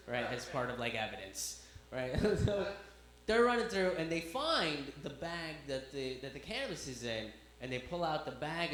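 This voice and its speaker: Animated high-voiced comedian. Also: male voice. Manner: animated, acts out voices of cops in anecdotes. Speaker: stand-up comedian. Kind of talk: stand-up comedy storytelling. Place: comedy club stage. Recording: echoey club room with faint hum.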